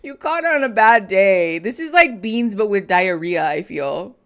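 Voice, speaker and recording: A woman's voice: mid-range voice, expressive, unhurried, fairly bright tone, clean tone. A woman streamer chatting casually and gushing over pet photos, giggling and cooing. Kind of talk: casual reaction chat.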